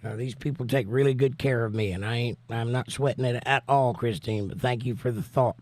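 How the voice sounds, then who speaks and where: A man with a Southern US accent and a hoarse voice, hosting a livestream and reading chat comments aloud in an easygoing, drawling way. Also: medium pitch, fairly even intonation, brisk, a little mellow. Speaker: livestream host.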